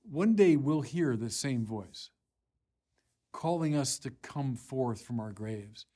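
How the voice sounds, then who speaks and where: Guy preaching a sermon, slow pace, mid pitch, gets loud n forceful on the big lines. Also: expressive. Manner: measured, rising to forceful emphasis on key lines; unhurried, with small restarts and light laughs.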